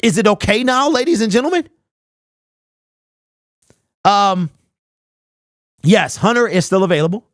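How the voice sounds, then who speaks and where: A man's voice: high voice, very animated, unhurried, long pauses, dry recording, clean studio sound. A young man hosting a live sports talk stream, ranting bluntly, reading chat messages aloud and firing off rhetorical questions. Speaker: host.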